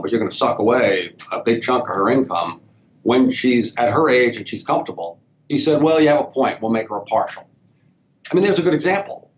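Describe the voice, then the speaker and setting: Male dentist guest, storytelling, mid pitch, dull audio, low rumble. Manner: storytelling, acts out patient dialogue. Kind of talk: casual podcast interview. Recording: slightly dull sound with faint rumble.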